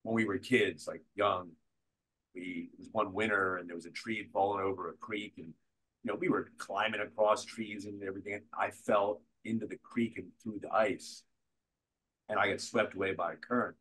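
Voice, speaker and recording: An older man with a low, husky voice talks through stories from his career as a guest on a podcast. He tells them with energy and bursts into the voices of the people he quotes. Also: normal speed, rough recording. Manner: animated storyteller who acts out quotes. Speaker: guest actor. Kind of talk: conversational interview storytelling.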